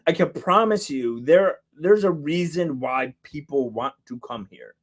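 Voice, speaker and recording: A man's voice: on the high side, expressive, a little slow, husky. A man co-hosting a podcast, talking in a heated, rambling way with lots of filler words and swearing. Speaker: podcast co-host. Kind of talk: casual chat.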